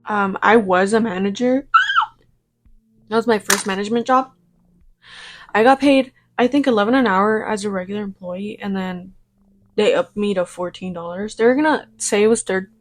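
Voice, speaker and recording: A woman's voice: mid-range voice, fairly quick. A young woman, chatting and telling rambling work stories while getting ready, swearing freely and acting out her own replies. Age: young adult. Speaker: vlogger. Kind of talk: get-ready-with-me storytime chat.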